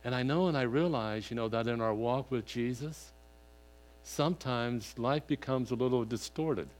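An older grandfather and pastor preaching, telling a rambling personal story full of "you know" and getting animated when he retells what was said. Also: medium pitch, normal speed. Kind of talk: sermon with folksy personal story.

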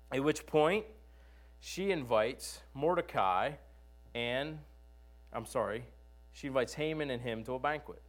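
Conversational male preacher, somewhat high voice. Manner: conversational, asks rhetorical questions. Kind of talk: sermon storytelling.

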